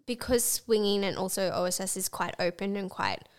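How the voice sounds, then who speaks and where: A woman's voice: mid-range voice, normal speed, clear, resonant tone. A woman co-hosting a casual podcast chat, speaking frankly and swearing casually. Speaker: co-host.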